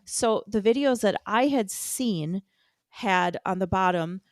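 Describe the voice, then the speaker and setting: A woman's voice: mid-range voice, slow, no echo. Chatty, laughing American woman co-host. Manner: animated, laughing storyteller. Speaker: podcast co-host. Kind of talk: casual fan chat.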